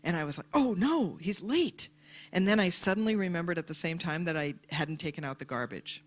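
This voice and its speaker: A woman giving a motivational talk to a live audience, telling stories and acting out the voices of people in them. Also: low voice. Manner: animated storyteller, acts out voices in quotes. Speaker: speaker.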